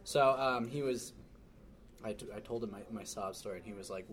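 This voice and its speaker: A man's voice: on the low side, fairly quick, noisy background. A man telling stories in a casual chat, acting out what people said. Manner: animated storyteller, mimics quoted people.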